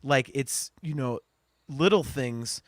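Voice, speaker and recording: A man's voice: mid-range voice, takes it slowly, dry recording, clean studio sound. A man co-hosting a podcast in casual chat, rambling and restarting his sentences and swearing freely. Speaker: podcast co-host.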